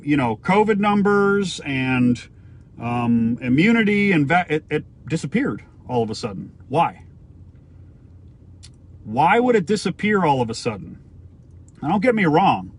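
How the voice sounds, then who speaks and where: A man's voice: a little high, breathy edge. A man from the United States giving an emphatic opinion rant to camera, firing off rhetorical questions and swearing now and then. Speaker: vlogger.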